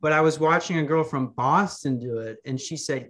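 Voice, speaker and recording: A man's voice: a little high, moderate pace, a bit bright. Rambling casual man on a podcast. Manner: rambling, joking, frequent restarts. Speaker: podcast host. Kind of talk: casual crude podcast chat. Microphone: remote call mic.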